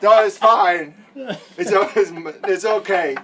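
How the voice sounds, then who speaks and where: A man's voice: sits high, slow. A man playing a tabletop game, talking in a goofy, playful, laughing way. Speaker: player. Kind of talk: casual tabletop play. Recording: background noise.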